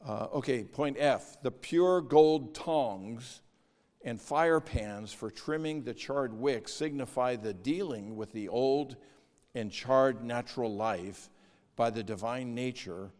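Slow-speaking man preaching in a hall. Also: medium pitch, a little mellow. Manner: measured, reads outline points and scripture, grows emphatic. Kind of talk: sermon. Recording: long reverb of a hall.

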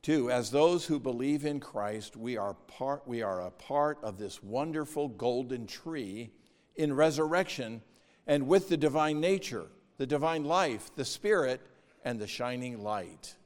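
Slow-speaking man preaching in a hall. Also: medium pitch, lively intonation, darkish tone. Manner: measured, reads outline points and scripture, grows emphatic. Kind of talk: sermon. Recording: long reverb of a hall.

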